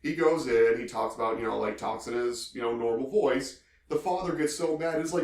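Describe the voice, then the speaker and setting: A man's voice: mid-range voice, fairly quick, few pauses, roomy sound. A man co-hosting a podcast, telling stories in a rambling, casual way full of filler phrases. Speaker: podcast co-host.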